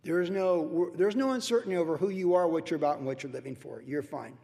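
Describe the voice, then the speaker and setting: A man's voice: on the high side, fast talker, vocal fry, darkish tone, in a large hall. A male pastor teaching a verse-by-verse sermon in a loose, conversational way, repeating himself for emphasis. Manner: conversational, repetitive, acts out worried voices.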